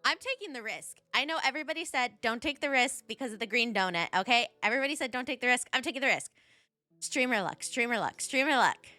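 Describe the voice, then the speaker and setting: High bright excitable woman streamer. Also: quick pace, dry recording, soft background music. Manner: excitable, squealing with joy, talks to chat. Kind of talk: live game streaming chat.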